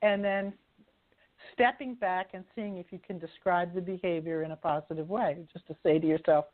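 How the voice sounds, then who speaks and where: A woman's voice: lowish voice, steady tone, normal speed. A woman author speaking as a guest on a radio talk show, telling stories in a chatty way and laughing often. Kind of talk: casual radio interview. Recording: phone-line call-in sound.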